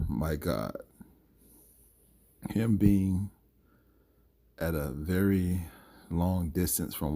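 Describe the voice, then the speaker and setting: A man's voice: sits low, warm tone. A man giving his opinion in a solo boxing commentary vlog, emphatic and rambling with fillers.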